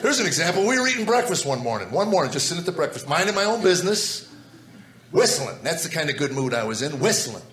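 A man's voice: on the high side, very animated, fast talker. A man doing stand-up comedy, telling a wry, playful story. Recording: roomy stage recording with loud audience.

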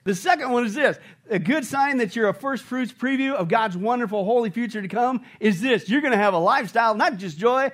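A male pastor preaching a sermon, animated, swinging between bursts of shouted excitement and hushed asides. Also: very high-pitched, fast talker.

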